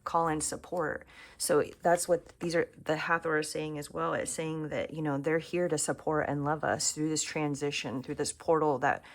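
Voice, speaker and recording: Low, gravelly-voiced woman reading tarot. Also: flat delivery, normal speed. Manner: chatty, musing aloud, often drops to a soft near-whisper. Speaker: tarot reader. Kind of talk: casual tarot reading to camera. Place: home room.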